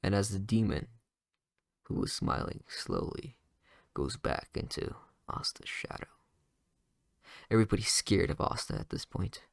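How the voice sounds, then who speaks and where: A man's voice: on the low side, expressive, measured pace, vocal fry, pauses often, dry recording, clean studio sound. A man casually improvising a fan story, rambling with lots of fillers and restarts.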